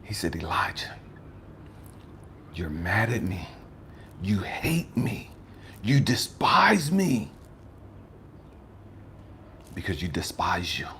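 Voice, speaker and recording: A man voicing God as a stern but patient divine presence, speaking slowly in a hushed, partly whispered way. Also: fairly high pitch, very animated, slight background noise, exaggerated voice.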